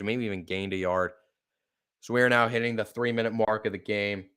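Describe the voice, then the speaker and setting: A man calls football plays live for his podcast in a smooth, clear voice. He talks like an upset fan, swearing and apologizing between plays, then gets louder and quicker when the action starts. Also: lowish voice, steady tone. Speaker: play-by-play podcast host. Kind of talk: live fan play-by-play commentary.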